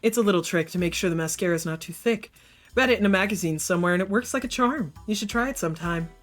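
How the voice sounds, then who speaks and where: A woman voicing a poised, friendly female fire performer, talking gently and chattily while doing her makeup. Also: fairly low pitch, fast, faint music behind, lightly acted.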